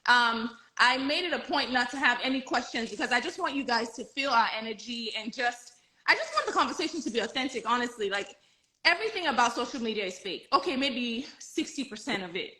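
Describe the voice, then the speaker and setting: Woman host, high voice, bright tone, bubbly, laughs a lot, casual live chat. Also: lively intonation, brisk, poor audio.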